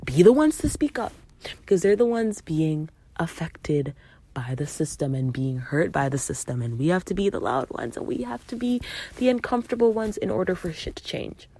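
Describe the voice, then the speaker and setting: A woman's voice: on the low side, expressive, moderate pace, mellow, breathy edge. A young adult woman hosting a podcast, telling a story in a casual, emphatic way, swearing freely and acting out what people said. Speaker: podcast host.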